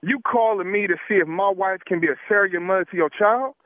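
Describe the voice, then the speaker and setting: A man's voice: high-pitched, quick pace. A man on a phone call, exasperated and scolding, who keeps calling the other man brother. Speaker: prank call target. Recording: tinny phone line, dry.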